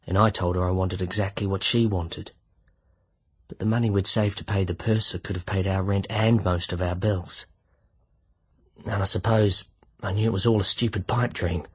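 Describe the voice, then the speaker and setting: Deep-voiced man reading a story. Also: fairly even intonation, normal speed, breathy edge. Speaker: audiobook narrator. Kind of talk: first-person literary narration.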